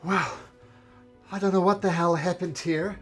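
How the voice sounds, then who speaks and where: A man's voice: high-pitched, fairly even intonation, measured pace, a bit bright, voice pushed up. A man voicing a blunt, coarse-talking woman mayor. The voice is a little raised, with faint music behind the tabletop game. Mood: flustered.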